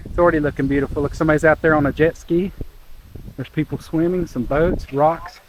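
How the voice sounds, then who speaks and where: Man in his forties, travel vlogger, slightly high voice, casual chat to camera, handheld mic outdoors, heavy wind noise. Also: fairly even intonation, brisk. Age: 40s. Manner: chatty, addresses viewers while hiking. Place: windy hilltop trail above a beach cove, outdoors. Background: gusting wind.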